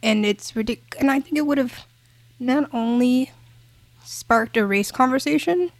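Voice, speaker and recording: A woman's voice: high voice, unhurried, dry recording. A woman co-hosting a podcast, talking in a casual, emphatic and impassioned way. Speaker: podcast co-host.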